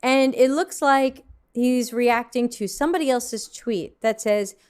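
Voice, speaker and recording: A woman's voice: fairly high pitch, a little slow, darkish tone, clear, resonant tone. A woman hosting a livestream from her desk, reacting to viewer submissions in a frank, mildly snarky way with plenty of ums and restarts. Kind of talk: casual livestream commentary.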